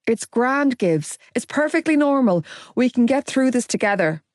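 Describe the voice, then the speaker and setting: A woman voicing a big young man, gruff and distressed, in an audiobook. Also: lively intonation, moderate pace, darkish tone, no echo, clean studio sound, close to an everyday voice. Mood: distressed, placating. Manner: barking, gruff, lowered voice.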